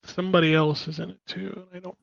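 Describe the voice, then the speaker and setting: A high-pitched man chatting animatedly as a podcast co-host. His voice comes through a slightly dull, dry microphone with no room sound. He talks in an excited, exclamatory way. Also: quick pace, gravelly, dry recording. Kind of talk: casual chat.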